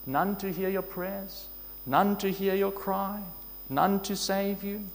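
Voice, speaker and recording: A man preaching a sermon in an earnest, measured way, asking his listeners questions. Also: high voice, steady tone, gravelly, slight background noise. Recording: long hall reverb.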